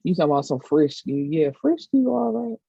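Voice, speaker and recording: A woman co-hosts a casual TV recap, her voice low and gravelly with a husky edge. She talks animatedly and acts out the characters' lines. The recording sounds dull and dry. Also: very animated, moderate pace, mellow, no echo. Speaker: podcast co-host.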